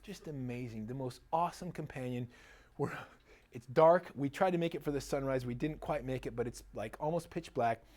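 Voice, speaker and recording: A middle-aged man, a chiropractor, giving a casual seminar talk to an audience, animated and chatty and laughing often as he tells personal stories. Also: mid-range voice, moderate pace.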